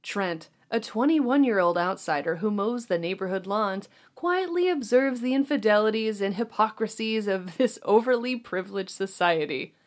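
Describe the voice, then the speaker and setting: A woman's voice: medium pitch, lively intonation, normal speed, few pauses. A woman hosting a casual film podcast, chatting with friends, laughing often and reading out a synopsis. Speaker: podcast host.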